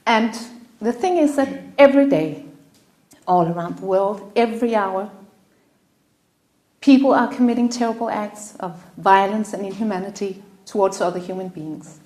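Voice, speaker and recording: A woman's voice: medium pitch, darkish tone. Earnest woman speaking in a roomy hall. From Denmark. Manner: earnest, halting, tearful at times. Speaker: event host. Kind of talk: emotional opening speech. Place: room in front of a live audience. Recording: roomy echo.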